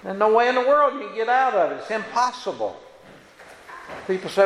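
A man's voice: sits high, sing-song, a little fast, long pauses, fairly bright tone, a little hiss or hum. A man preaching a sermon in a church, folksy and plain-spoken, often checking in with the congregation through tag questions. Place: church sanctuary. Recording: echoey hall reverb.

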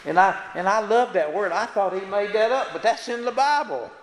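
Guy preaching in a church, high voice, folksy, keeps asking "didn't he?", big echoey room. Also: lively intonation, brisk, a little hiss or hum. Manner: folksy, leans on tag questions to the congregation. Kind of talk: sermon. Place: church sanctuary. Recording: echoey hall reverb.

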